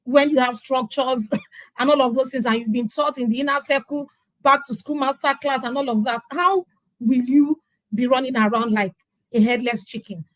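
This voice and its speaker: A middle-aged woman with a Nigerian accent speaks as a guest in a conversational interview. Her voice sits a little high, and she tells her story with emphasis, acting out the lines of the people in it. The sound is close and dry, with no room echo. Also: fairly even intonation, normal speed. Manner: emphatic storyteller who acts out quoted dialogue. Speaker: interview guest sharing her parenting journey. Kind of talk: conversational testimonial.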